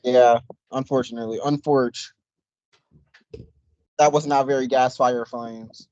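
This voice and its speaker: A young man co-hosting a casual reaction video, joking and rambling with loud laughs. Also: medium pitch, steady tone, a little slow, no room sound, lo-fi sound. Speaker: reaction channel co-host.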